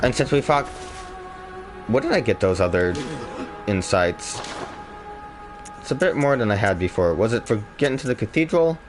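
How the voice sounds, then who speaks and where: A man's voice: lowish voice, very animated, moderate pace, pauses often. A man casually commenting on his video game playthrough in a joking, sarcastic way. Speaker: let's play host. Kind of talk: gaming commentary. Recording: game music underneath.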